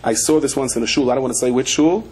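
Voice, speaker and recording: In a rough recording, a man with a medium-pitched, darkish, slightly rough voice speaks quickly. A rabbi, he delivers a sermon-style Torah class, weaving humorous stories into the teaching and acting out the voices of people he quotes.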